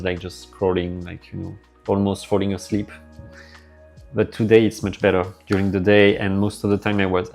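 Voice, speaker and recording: A man's voice: on the low side, a little mellow. A man with a French accent, live streaming and chatting casually with his viewers, rambling as he answers their messages aloud.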